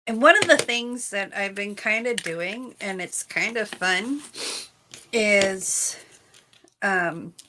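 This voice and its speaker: A woman hosting a live crafting stream, chatting casually and thinking aloud as she works. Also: mid-range voice. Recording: noisy room recording.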